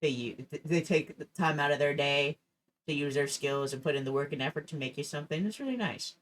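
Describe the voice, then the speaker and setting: A woman's voice: low voice, a little fast. A young woman streaming, chatting casually and laughing often as she tells stories. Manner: giggly, laughs often while storytelling.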